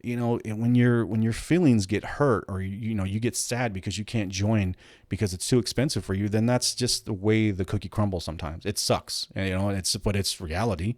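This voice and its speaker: A man's voice: fairly low pitch, moderate pace, darkish tone, dry recording. Blunt, swearing man on a dry mic. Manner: blunt, profane ranting with many restarts. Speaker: host. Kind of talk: casual commentary.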